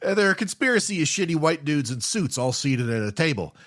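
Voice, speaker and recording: A man with a slightly high voice recapping a movie plot on a podcast, his tone bouncing expressively. He slips in wry, dry jokes as he summarizes. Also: sing-song, quick pace, a bit bright. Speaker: podcast co-host. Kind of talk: plot recap and casual chat.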